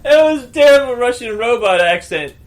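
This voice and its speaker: A man's voice: extremely high pitch, lively intonation, brisk. A man co-hosting a comedy podcast, goofy and prone to giggling. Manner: giggly, goofy, laughs often. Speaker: podcast co-host. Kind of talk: casual comedic chat.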